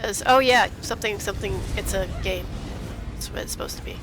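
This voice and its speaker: Under heavy background noise, a female gaming streamer talks briskly in a mid-range voice. Her casual play-by-play is giddy and chatty, full of laughter and self-mockery.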